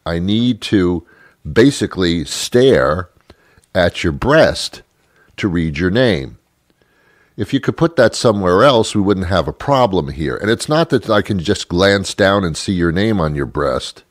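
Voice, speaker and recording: A man's voice: sits low, no room sound, clean studio sound. A middle-aged male show host delivering a rambling, sardonic comedic rant, chuckling at his own jokes.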